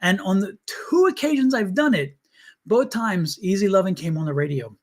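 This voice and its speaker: A man's voice: high voice, expressive, normal speed. A man hosting a live tarot stream, talking to viewers in an earnest, blunt and chatty way. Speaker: tarot reader and livestream host.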